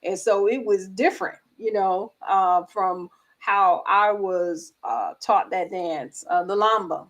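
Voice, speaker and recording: A woman speaking casually on a video call, chatty and quick to laugh, explaining how the group will practice together. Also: mid-range voice. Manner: chatty, laughs easily, many fillers. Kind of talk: casual info session talk.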